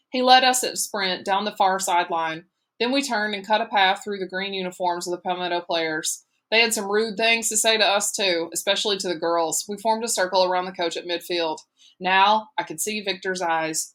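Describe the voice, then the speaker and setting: A woman's voice: medium pitch, a bit bright. Woman narrating an audiobook steadily.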